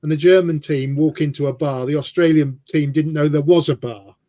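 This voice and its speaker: A man's voice: fairly high pitch, steady tone, a little fast, dark tone, no echo, dull audio. A man co-hosting a live stream, cutting in with teasing one-liners and corrections. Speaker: co-host of a modelling live stream. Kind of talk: joking live-stream chat.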